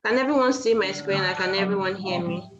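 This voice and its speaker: A woman's voice: medium pitch, a little fast, muffled recording, over music. A woman teaching French over a video call, encouraging and repeating her questions. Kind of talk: online class teaching.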